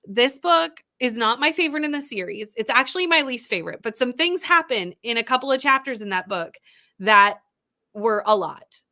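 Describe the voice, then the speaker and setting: A woman's voice: on the high side, animated, normal speed, bright, forceful tone. A young woman hosting a casual reading livestream, chatting and greeting viewers by name as she reads their comments.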